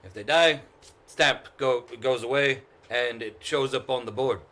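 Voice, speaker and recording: A man's voice: mid-range voice, measured pace, pushed and bright. A man voicing a desperate, defensive old male gambler who stammers and pleads. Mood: explaining.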